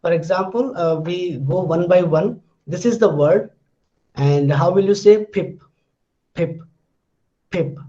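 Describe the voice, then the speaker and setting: A man gives a pronunciation lesson in a high, mellow voice, speaking slowly and repeating each sound twice. The recording is dull and lo-fi. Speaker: English pronunciation teacher. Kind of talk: classroom lecture.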